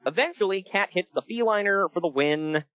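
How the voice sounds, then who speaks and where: Man, podcast co-host, joking, laughing, lively pitch, muffled dry recording. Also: normal speed, clear, resonant tone, no echo. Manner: joking, animated, laughs often. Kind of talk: casual chat recapping a wrestling show.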